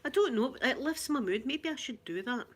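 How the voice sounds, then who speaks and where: A woman's voice: high-pitched, animated, moderate pace, breathy edge. A Glaswegian woman hosting a casual live chat, chatty and rambling, laughing often. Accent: Glaswegian Scottish. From Glasgow, Scotland.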